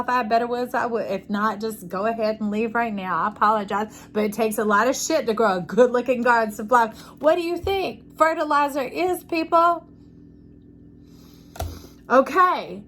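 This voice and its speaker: Her voice is a little high and somewhat bright, with a faint hiss or hum in the recording. She's doing an intuitive tarot reading to camera in a casual, effusive, preachy style, frequently checking in with whoever is watching.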